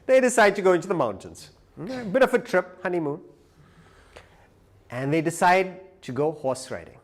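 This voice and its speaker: A man giving a live lecture who tells a story with animated delivery. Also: sits high, normal speed. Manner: animated storyteller, acts out quoted voices. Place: lecture hall.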